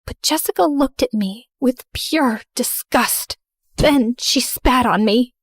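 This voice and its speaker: A young woman tells an animated story in first person, earnest and emotional. Her voice sits a little high. The sound is close and very dry. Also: slow, no echo. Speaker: narrator.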